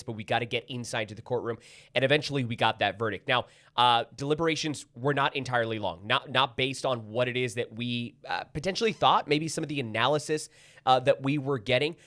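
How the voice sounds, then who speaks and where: A male host on a local news talk show, speaking in a conversational way and often restarting his sentences. His voice sits at an ordinary middle pitch. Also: a bit bright. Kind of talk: casual studio chat.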